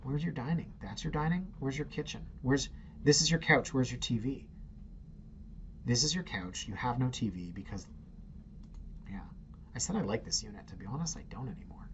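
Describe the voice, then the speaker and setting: A man's voice: mid-range voice, animated, moderate pace, pauses often, lo-fi sound, slight background noise. A middle-aged man, hosting a casual, opinionated commentary on real estate listings with sarcastic, muttered asides. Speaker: real estate agent host.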